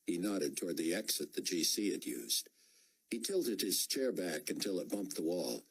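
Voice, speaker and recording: A man narrating an audiobook in a measured storytelling manner. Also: low voice, expressive, husky, low-quality recording. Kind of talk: scripted narration.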